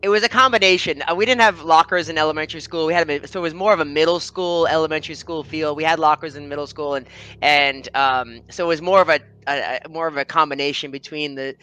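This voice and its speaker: A male author answers questions on a video call in a relaxed, friendly way. His voice is slightly high and bright, and he often laughs and fills his pauses. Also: clear, resonant tone, low-quality recording. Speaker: author guest. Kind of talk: casual interview chat.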